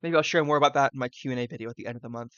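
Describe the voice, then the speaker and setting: A man's voice: medium pitch, rapid-fire, a bit bright, no echo, dull audio. A man from the Southern US, streaming live and thinking aloud, rambling with fillers and side tangents.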